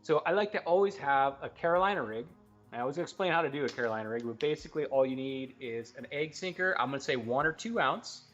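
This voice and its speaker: A man co-hosting a fishing talk show, explaining gear and rigs in a fast, excited, casual way and laughing often. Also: mid-range voice, muffled recording, faint music behind. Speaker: co-host giving fishing tips.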